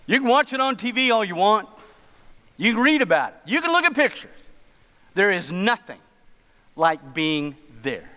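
A middle-aged pastor preaches a sermon laced with funny stories, his slightly high voice bright and forceful. His pitch swings widely at a normal pace, broken by long pauses, and the long reverb of a church sanctuary surrounds him.

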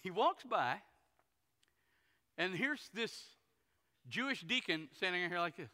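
A pastor preaching a sermon, telling stories folksily and acting out the characters. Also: male voice, sits high, very animated, slow, sharp tone. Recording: long hall reverb.

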